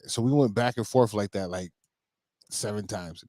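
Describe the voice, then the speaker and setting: Animated storytelling dad, dry close sound. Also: male voice, fairly low pitch, normal speed, dry recording. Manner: animated storyteller, acts out his daughters' voices, laughs often. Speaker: podcast co-host. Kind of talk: casual chat.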